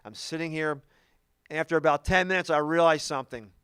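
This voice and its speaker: A middle-aged man doing a stand-up comedy routine, telling stories in an animated way with quick asides. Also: on the high side, smooth, no echo, studio quality. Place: comedy club stage.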